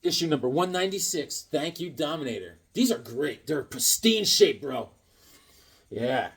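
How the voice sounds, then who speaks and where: A middle-aged man chatting casually as he shows off his comic books, telling stories in a lively way and laughing often. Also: fairly high pitch, moderate pace, breathy edge. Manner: animated storyteller, laughs often, acts out voices. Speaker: comic book collector vlogger. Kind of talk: casual chat showing comics.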